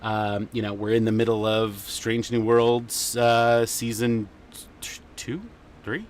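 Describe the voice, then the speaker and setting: A man's voice: fairly low pitch, monotone, slow pace, slight background noise. A man hosting a casual livestream chat, rambling along with lots of fillers. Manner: rambling and chatty, many fillers. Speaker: podcast host.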